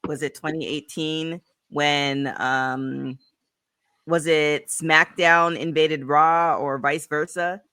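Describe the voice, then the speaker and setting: A woman hosting a wrestling podcast in casual chat, an animated storyteller with quick asides. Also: low voice, smooth, no room sound, studio quality. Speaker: podcast host.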